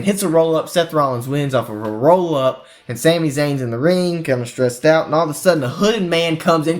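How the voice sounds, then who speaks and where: A man hosting a casual wrestling prediction chat, recapping storylines in an animated way. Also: fairly high pitch, brisk, faint music behind. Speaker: wrestling podcast host.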